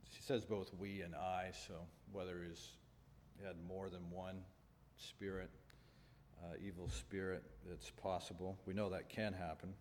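Deep-voiced man preaching in a reverberant hall. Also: level tone, darkish tone. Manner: earnest, measured, with pauses and restarts. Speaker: pastor. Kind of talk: sermon with scripture reading. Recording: long reverb, faint background noise.

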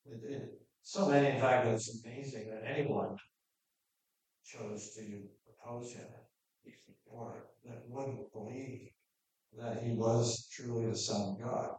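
A male pastor teaching through scripture in a relaxed, conversational voice, reading each passage and then talking it through. He is heard from some way off the mic, and his voice rings around a very echoey room. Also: medium pitch, slow pace, distant mic. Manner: conversational, plainspoken, reads scripture aloud then explains. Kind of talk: verse-by-verse sermon.

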